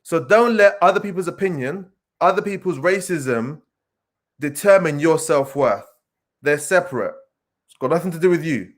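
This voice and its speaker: A man from England giving an earnest motivational talk, stressing points through repetition, with pauses and filler sounds. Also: on the high side, animated. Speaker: speaker addressing young people.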